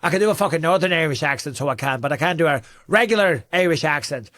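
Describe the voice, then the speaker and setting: A man's voice: fairly high pitch, animated, fast, fairly bright tone, no room sound. Chatty, emphatic male fight pundit. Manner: chatty, emphatic, asks the audience questions. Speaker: podcast host and MMA analyst. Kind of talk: casual commentary to camera.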